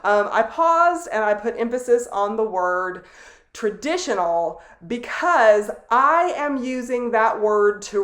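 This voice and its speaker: A middle-aged woman teaching a sociology lecture, explaining deliberately with asides and fillers. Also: on the high side, a bit bright. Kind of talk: recorded classroom lecture. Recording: roomy echo.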